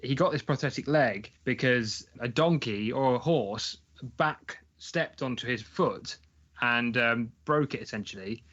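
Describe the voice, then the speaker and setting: A young man tells a travel story in a loose, amused way, often breaking into laughter. His voice sits at an ordinary pitch. The recording sounds dull and lo-fi. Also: measured pace, fairly bright tone. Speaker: podcast guest, traveler. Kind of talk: casual storytelling.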